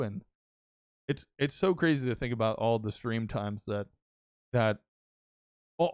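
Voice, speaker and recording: A young man hosts a casual podcast, telling a story in an excitable rush full of swearing and false starts. His voice sits at a middling pitch. The recording is dry, with no room echo. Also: clear, resonant tone. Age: young adult. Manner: excitable storytelling, swears often, many restarts. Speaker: podcast host and streamer. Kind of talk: casual chat.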